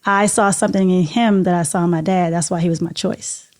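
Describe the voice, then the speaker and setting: A woman's voice: fairly low pitch, fairly even intonation, brisk, darkish tone. A middle-aged woman, a podcast co-host, telling a personal story in an interview in an earnest, heartfelt, reflective way.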